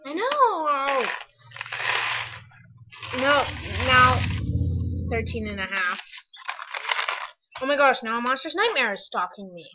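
A young woman chatting excitedly while playing a video game, easily distracted and chatty. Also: high-pitched, slow, pauses often, heavy background noise. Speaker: gamer. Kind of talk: casual game commentary. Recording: dull lo-fi mic with game music.

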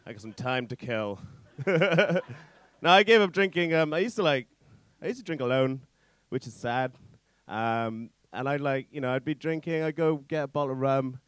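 A young English man with a posh-sounding voice doing a stand-up set in a comedy club, telling rambling, self-mocking stories full of swearing and loud punchlines. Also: mid-range voice, smooth, no room sound. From England. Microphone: handheld stage mic.

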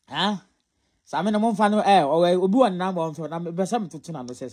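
A man's voice: sits high, slow, long pauses, a little mellow, husky. A Ghanaian man giving casual gossip commentary, mocking and scolding as he mixes Twi and English. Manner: scolding, mocking, often laughing.

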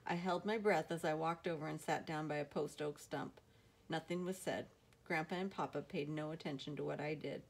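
A woman narrating a novel aloud in a steady, measured storytelling manner. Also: low-pitched, creaky. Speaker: audiobook narrator.

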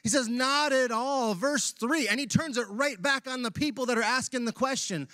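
A male pastor preaching a sermon in a church, casual and animated, using slang as he retells a Bible passage. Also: very high voice, moderate pace, dry recording, clean studio sound. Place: church sanctuary.

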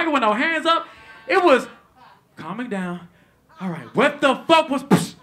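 A man telling a stand-up comedy story onstage, animated and profane, swinging between loud bursts and hushed asides. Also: very high voice, normal speed. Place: comedy stage before live audience.

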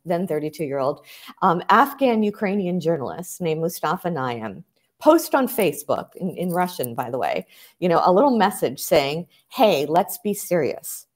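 Guest woman, lowish voice, measured academic lecturer's delivery, builds emphasis on key points. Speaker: historian guest. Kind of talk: thoughtful interview answer.

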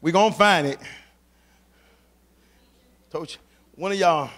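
A man's voice: sits high, moderate pace, long pauses, fairly bright tone. A man preaching a sermon, urging the congregation on in a fervent, colloquial way and repeating phrases for emphasis.

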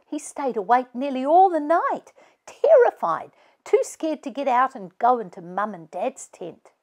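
Bossy big sister, teasing, higher girlish voice, woman reading it, storybook. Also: sing-song, measured pace, darkish tone, full character voice. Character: lively young girl, eldest sister.

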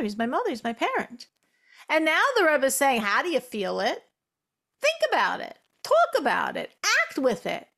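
An American woman teaching a religious class in a lively spoken style, repeating phrases for emphasis and quoting Hebrew. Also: fairly high pitch. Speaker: Torah teacher.

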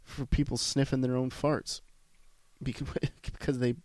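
A man's voice: medium pitch, little pitch movement, a little slow, a little mellow, no room sound. A man hosting a solo podcast, ranting bluntly with lots of swearing and restarts. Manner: blunt, profane, rambling with restarts. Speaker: podcast host.

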